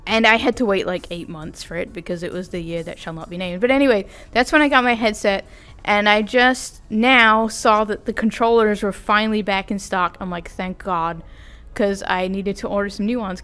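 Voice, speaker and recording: A woman's voice: mid-range voice, a bit bright, clean tone. A young adult woman vlogging in a casual, rambling, self-deprecating chat with giggly asides. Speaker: vtuber vlogger.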